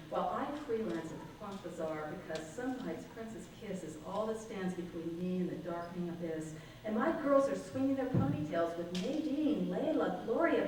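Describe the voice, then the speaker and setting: A woman's voice: medium pitch, a little mellow. A middle-aged woman poet giving a reading, chatting in a rambling, self-deprecating way between her poems. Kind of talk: poetry reading with chatty asides. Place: conference hall reading. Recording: echoey hall, distant mic, background noise.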